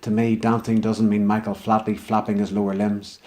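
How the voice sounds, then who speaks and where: A man with a Northern Irish accent performing comic spoken-word poetry in a wry, deadpan recital. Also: fairly low pitch, moderate pace. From Northern Ireland.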